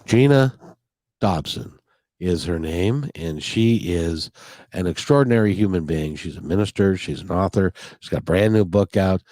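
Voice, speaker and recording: Earnest low-voiced male podcast host. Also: animated, moderate pace, a little mellow, dry recording, clean studio sound. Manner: earnest, rambling with restarts. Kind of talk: casual interview talk. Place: near Puget Sound.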